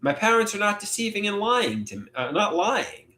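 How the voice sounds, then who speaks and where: A man hosting a live solo stream, talking in a halting, reflective way with many filler words. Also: high voice, very animated, bright, forceful tone. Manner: halting, reflective, frequent "you know" fillers. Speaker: livestream host. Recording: echoey room.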